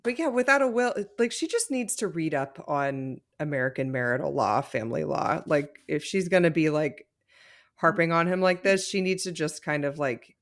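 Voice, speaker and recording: A woman's voice: sits low, normal speed. A woman co-hosting a podcast, chatting casually and giggling as she recaps a reality show, with plenty of "like" in her talk. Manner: giggly, animated, lots of "like" fillers. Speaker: podcast co-host.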